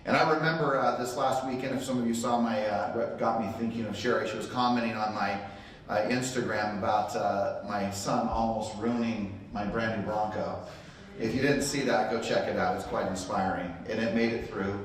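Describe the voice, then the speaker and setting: A middle-aged real estate trainer gives a motivational talk to a live audience, telling a story and acting out the quotes. His lowish voice stays fairly even at a moderate pace, heard from far off in a very echoey room with slight hiss or hum.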